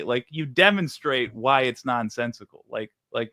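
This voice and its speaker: Male co-host, animated rambler, dry studio sound. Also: mid-range voice, unhurried, few pauses, dry recording. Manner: animated, rambling with many fillers. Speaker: podcast co-host. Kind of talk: casual chat.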